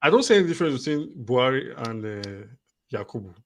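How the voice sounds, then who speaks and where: Male co-host, steady and deliberate, casual talk. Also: medium pitch. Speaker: podcast co-host. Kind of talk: casual political discussion.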